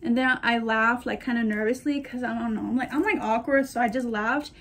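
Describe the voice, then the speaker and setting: Young woman, casual vlogger, slightly high voice, gushing and chatty. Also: fairly even intonation, fairly quick, fairly bright tone. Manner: gushing, chatty, talks to her purses. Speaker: shopping vlogger. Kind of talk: casual chat to camera.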